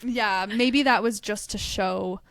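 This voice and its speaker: A woman's voice: mid-range voice, takes it slowly, gravelly, fairly bright tone, no echo. A woman co-hosting a book podcast, thinking aloud in a casual, musing way. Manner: thoughtful, musing, many fillers. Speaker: podcast co-host.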